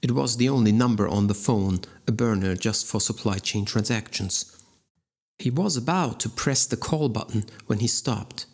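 A man narrating an action audiobook in a steady, measured way. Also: on the low side, slightly rough.

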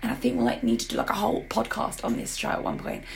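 A woman's voice: a little high, little pitch movement, fast, gravelly, darkish tone, a little hiss or hum. A woman with a sore throat co-hosting a podcast, chatting casually and animatedly about TV shows. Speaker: podcast co-host. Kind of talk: casual chat.

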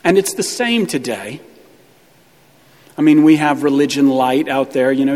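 A man's voice: mid-range voice, moderate pace, long pauses, darkish tone, long reverb tail. A male pastor preaching a sermon with emphatic, hammering repetition.

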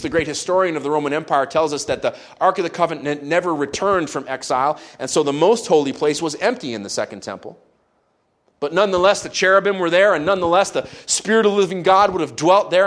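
A man preaching a sermon, retelling a story in a conversational way with playful asides. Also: fairly high pitch.

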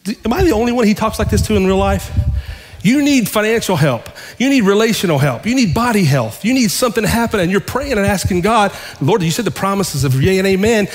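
Male pastor, high voice, conversational sermon, long hall reverb. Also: lively intonation, brisk. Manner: conversational preaching, acting out dialogue, asking the congregation questions.

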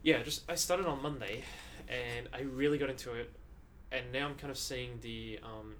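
A man's voice: medium pitch, moderate pace, a bit bright, slight background noise. A man in casual chat about games, playful and teasing, swearing casually.

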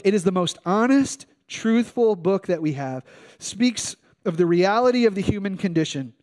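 A man's voice: high voice, darkish tone. A man preaching a sermon in an earnest, conversational way, often speaking straight to his listeners. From Michigan. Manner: earnest, conversational preaching, addresses the congregation as guys. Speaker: pastor.

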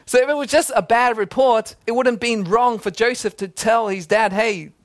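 A man, preaching a sermon with a light, high voice. He keeps it casual and jokey and laughs often at his own stories. The sound is dry and close. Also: moderate pace, dry recording. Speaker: pastor.

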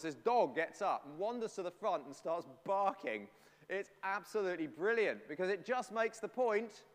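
A man's voice: on the high side, fairly bright tone. A man leading a playful, chatty sermon and talking with the congregation. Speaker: preacher. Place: church. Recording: long church reverb.

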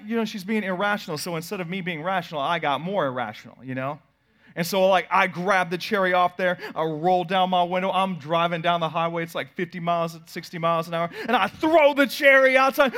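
Man, pastor, sermon, higher-pitched, storytelling, loud and soft by turns. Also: a little fast.

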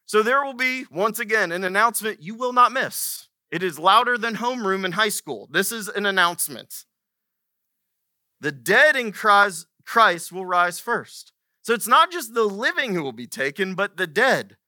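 A man's voice: high voice, sing-song, brisk, few pauses, sharp tone, dry recording, clean studio sound. A man preaching a sermon as a pastor, conversational and emphatic, repeating key phrases for weight.

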